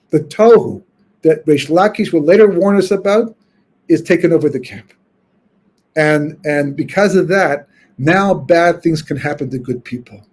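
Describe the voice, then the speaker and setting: A man's voice: fairly high pitch, darkish tone. A rabbi giving a weekly Torah class, talking informally and thinking aloud as he teaches. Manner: informal storytelling, thinking aloud with frequent restarts. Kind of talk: conversational Torah lecture.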